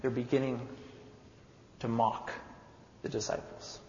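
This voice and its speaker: A man's voice: mid-range voice, little pitch movement, a little slow, a little mellow, a little hiss or hum. A man preaching a sermon, retelling a scene with dramatic storytelling. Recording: echoey hall, dull sound.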